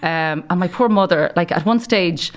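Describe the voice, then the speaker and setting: An Irish woman in her thirties, a broadcaster and guest, telling stories in an animated way with frequent laughs. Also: fairly low pitch, normal speed, lo-fi sound. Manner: animated storyteller, laughs often. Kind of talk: casual interview chat.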